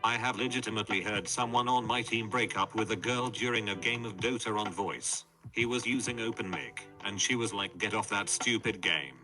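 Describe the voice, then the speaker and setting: A man's synthetic voice reading forum posts aloud in a flat, even delivery. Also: lowish voice, a little fast, hardly any pauses. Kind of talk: text-to-speech story reading. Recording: background music under voice.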